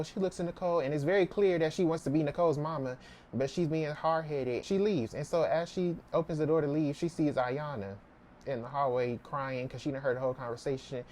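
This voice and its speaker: A man casually recapping a novel's plot in a chatty, animated way. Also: fairly high pitch, a little hiss or hum. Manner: chatty, animated retelling with quoted voices. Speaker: book reviewer. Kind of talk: casual book summary.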